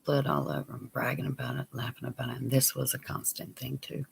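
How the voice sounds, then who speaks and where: A man telling a personal story on his vlog, plain and unhurried, sometimes dropping to a near whisper. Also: medium pitch, very animated, vocal fry, a little hiss or hum. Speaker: vlogger.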